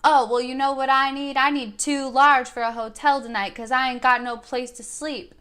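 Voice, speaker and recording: A large homeless man, insistent and wheedling, who keeps pressing a stranger for cash, as a woman puts him on while retelling the encounter. The voice comes out raised and pushy, with a loose put-on accent and bright, forceful edges. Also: high-pitched, level tone, moderate pace, clear, resonant tone. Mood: pleading.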